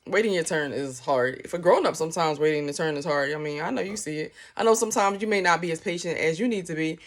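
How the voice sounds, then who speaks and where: A young woman teaching a parenting class in a casual, chatty way, full of "like" and playfully acted-out questions. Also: fairly low pitch. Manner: chatty, peppered with "like", acts out questions with lively inflection. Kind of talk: casual instructional talk.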